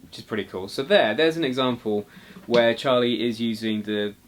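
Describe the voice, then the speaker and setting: A man teaching jazz guitar in a relaxed, casual way, explaining notes while he plays and counting beats aloud. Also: mid-range voice, moderate pace. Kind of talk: casual music lesson. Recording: loud guitar under the voice. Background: guitar playing.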